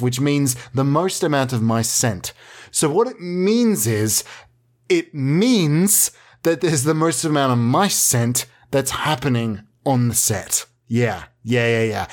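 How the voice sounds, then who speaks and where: A man doing a deadpan, rambling comedy monologue full of absurd made-up explanations. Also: medium pitch.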